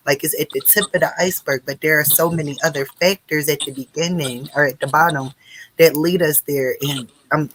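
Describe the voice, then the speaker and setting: A woman's voice: low-pitched, fairly bright tone, rough recording. A woman hosting a live conversation, talking in a casual, emotional way with many fillers. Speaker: host.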